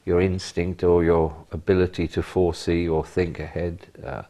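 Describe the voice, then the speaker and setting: An older man, a retired police officer, telling animated stories in an interview with bursts of emphasis. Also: deep voice, normal speed. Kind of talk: anecdotal interview.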